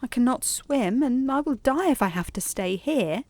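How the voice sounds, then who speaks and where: A woman's voice: medium pitch, expressive, moderate pace, no echo, lightly acted. A woman voicing a tearful little girl in a bedtime story, petulant and pleading. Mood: frightened.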